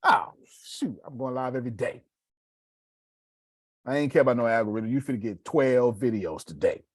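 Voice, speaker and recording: A man giving a casual, preacherly motivational talk on live video, swinging between loud bursts and hushed asides. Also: mid-range voice, normal speed, no room sound.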